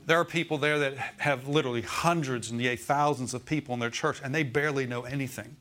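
A U.S. pastor with a medium-pitched, fairly bright voice and fairly even intonation talks quickly through a sermon in a church sanctuary. He drives points home, repeats key phrases, and asks the congregation whether they're with him.

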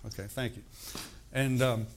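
A man's voice: mid-range voice, fairly even intonation, normal speed. An older man, a pastor, teaching a sermon in an easygoing, talky way and often checking in with the congregation. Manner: conversational preaching with frequent call-and-response asides.

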